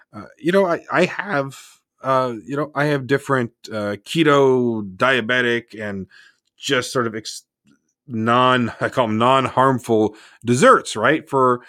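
A man's voice: mid-range voice, a bit bright. A middle-aged man hosting a solo podcast, talking in a rambling, conversational way and often asking "right?". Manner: rambling with restarts. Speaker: podcast host.

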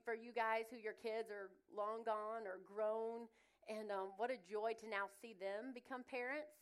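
A woman's voice: a little high, clean tone. Chatty Southern woman preaching with humor. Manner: chatty, humorous, expressive storytelling. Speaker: guest speaker. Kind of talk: sermon with personal stories.

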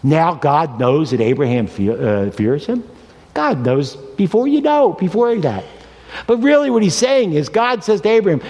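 A man in his sixties preaching a sermon, telling stories with animated delivery and acting out the characters' lines. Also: on the high side, moderate pace. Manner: animated storytelling, voices the characters. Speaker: pastor. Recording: reverberant hall.

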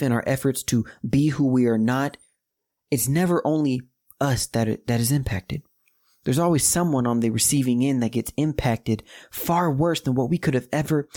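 A man's voice: mid-range voice, a little mellow. Emphatic man preaching a Bible study. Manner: emphatic, conversational, rising to exclamations. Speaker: podcast host teaching Bible study. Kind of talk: scripture reading with preaching commentary.

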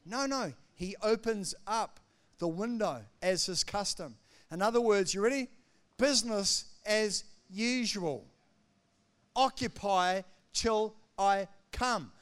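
High, resonant-voiced male preacher. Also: animated, slow pace, clear, resonant tone. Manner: emphatic preaching, swinging between loud declarations and quiet asides. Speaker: pastor. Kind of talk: sermon.

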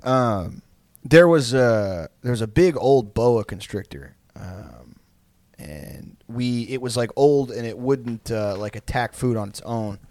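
A man's voice: medium pitch, takes it slowly, darkish tone, no room sound. A young man on a podcast telling a rambling, profane story in casual chat, full of likes and ums. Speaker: podcast co-host.

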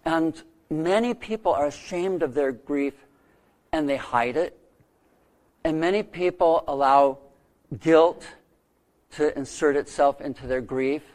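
A middle-aged man preaching a sermon, telling a story earnestly with dramatic pauses. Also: on the high side, a little mellow. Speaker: pastor.

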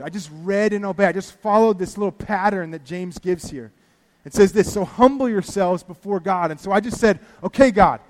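A man's voice: high voice, big-room sound. A man preaching a sermon and telling a story from his own week, animatedly acting out the prayers he said. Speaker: pastor.

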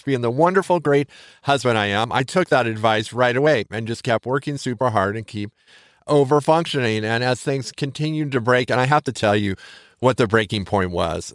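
A man's voice: medium pitch, no echo, studio quality. A middle-aged man hosting his own podcast, talking casually and candidly in a rambling, self-deprecating way. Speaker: podcast host. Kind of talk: casual solo podcast talk.

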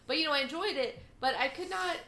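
A woman's voice: high voice, fast talker, pushed and bright. A woman chatting casually about a movie, emphatic and incredulous. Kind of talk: casual movie review chat. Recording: echoey room.

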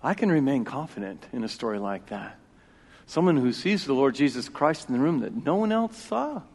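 A man in his forties preaching a sermon as pastor, emphatic and repeating key phrases, swinging between loud and hushed. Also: medium pitch, sing-song, moderate pace. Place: church sanctuary. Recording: long reverb of a church hall.

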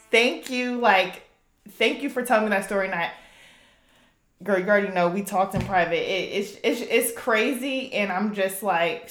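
A woman's voice: mid-range voice, roomy sound. A woman hosting a faith podcast conversation, casual, emphatic and encouraging. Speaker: podcast host.

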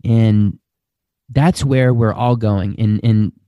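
A man's voice: on the low side, fairly even intonation, no echo, dull audio. A man, a spiritual teacher, giving an earnest, reflective talk and stretching out the words he stresses. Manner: slow, earnest, drawn-out emphasis.

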